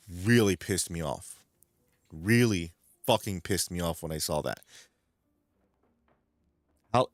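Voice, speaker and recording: A man's voice: lowish voice, dry recording, clean studio sound. Angry profane male streamer, New York accent. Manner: angry, profane, repeats words. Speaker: livestream host. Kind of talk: ranting livestream chat. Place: home streaming room.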